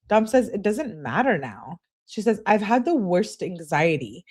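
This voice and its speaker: A woman's voice: mid-range voice, a little mellow. A woman commentator reading text messages aloud, breaking in with sarcastic, mocking asides. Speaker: true crime commentator.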